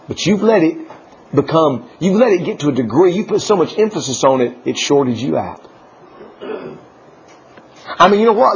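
A man preaching a folksy sermon, laughing often and swinging from loud declarations to hushed asides. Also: on the high side, slight background noise. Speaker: pastor. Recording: dull lo-fi church recording.

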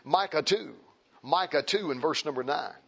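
A man preaching a fiery sermon, emphatic and repetitive, swinging between shouts and hushed tones. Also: a little high, expressive, moderate pace, vocal fry, husky. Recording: dull lo-fi recording.

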